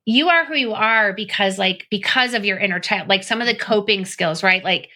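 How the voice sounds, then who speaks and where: A woman hosting a podcast chats casually in a bright, forward voice. She rambles and reflects aloud, circling back with lots of fillers. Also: medium pitch, moderate pace. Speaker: podcast host. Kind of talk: casual conversation.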